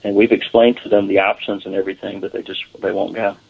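Husky low-voiced man, lo-fi line. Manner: relaxed, halting storytelling with fillers. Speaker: paranormal investigator guest. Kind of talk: casual interview talk.

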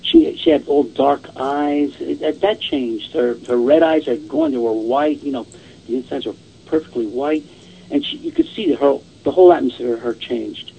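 A man's voice: mid-range voice, moderate pace, vocal fry, lo-fi sound, slight background noise. A man casually telling a long ghost story, rambling and repeating "I says" and "she goes".

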